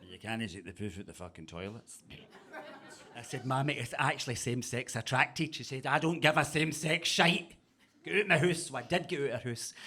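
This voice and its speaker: Scottish man from Paisley, stand-up comedian, camp and crude, stage mic in a club basement. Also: fairly low pitch. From Paisley, Scotland. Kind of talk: stand-up comedy with comic poetry.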